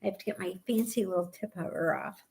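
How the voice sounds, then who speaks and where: A middle-aged woman co-hosting a knitting podcast in casual chat, ranting with bursts of loud exasperation. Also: medium pitch, quick pace, vocal fry, background noise. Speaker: podcast co-host.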